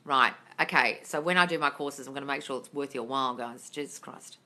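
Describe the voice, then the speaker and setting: An extremely low-pitched woman with a sharp tone talks fairly quickly while hosting a live stream. In casual chat she reads out viewer comments, responds bluntly, swears freely and calls viewers darling.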